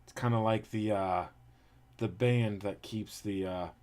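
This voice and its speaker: Man, somewhat low voice, casual livestream chat, rambling, filler-heavy, talks while working. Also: fairly even intonation, measured pace, darkish tone. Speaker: streamer painting a 3D print.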